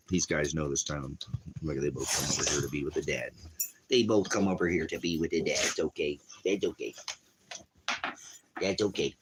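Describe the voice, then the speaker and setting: A man's voice: very deep voice, lively intonation, moderate pace, long pauses, a bit bright, slight background noise. A man with a cough rambling in casual livestream chat from a small cabin, often talking sweetly to his dog. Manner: rambling, talks baby-talk to his dog. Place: small hot cabin, off-grid farm.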